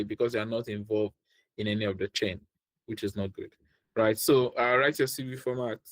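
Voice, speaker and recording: A man with a Nigerian accent coaching a group on a video call, with a direct, repetitive and animated way of talking. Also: medium pitch, no echo, low-quality recording. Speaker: career coach. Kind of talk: online training session.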